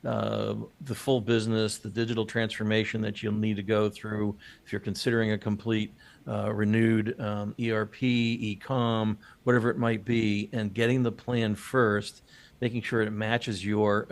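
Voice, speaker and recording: A man's voice: lowish voice, creaky. A man hosting a business podcast, chatting casually and joking, with many fillers and restarts. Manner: rambling, jokey, many fillers. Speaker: podcast host.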